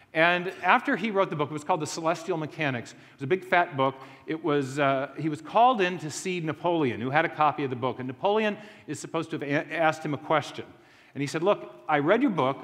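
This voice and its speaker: Male lecturer, slightly high voice, rambling anecdotal delivery with restarts and self-mocking humor, long hall reverb. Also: fairly bright tone. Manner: anecdotal storytelling with frequent restarts. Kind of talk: public lecture.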